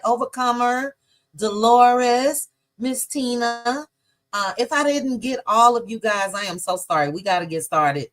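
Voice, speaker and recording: A woman hosting a casual livestream, chatty and warm toward her viewers, greeting each one by name as she scrolls the chat. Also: fairly high pitch. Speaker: livestream host.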